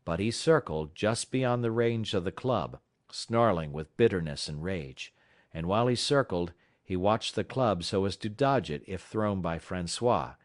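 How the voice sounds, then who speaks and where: A man reading a classic novel aloud as an audiobook narrator, in a measured, dramatic storytelling manner. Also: fairly low pitch, no room sound, studio quality. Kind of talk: scripted narration.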